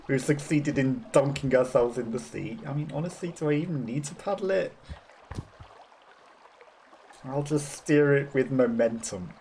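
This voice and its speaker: There's slight background noise as this West Midlands gamer talks in a sing-song, darkish, mid-range voice at normal speed. His Black Country accent colours the chatty, self-deprecating let's play commentary, and he laughs often during the game.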